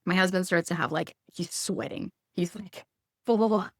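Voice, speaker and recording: A woman in her thirties speaking casually as a guest, chatty and animated, acting out quoted lines in a higher voice. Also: moderate pace, no echo, clean studio sound. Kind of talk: casual conversational advice.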